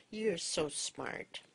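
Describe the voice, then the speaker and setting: A woman talking affectionately to her pet bird at home, coaxing and sing-song, sometimes dropping to a soft whisper. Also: fairly low pitch, gravelly, slightly rough. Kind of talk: affectionate baby talk to a pet.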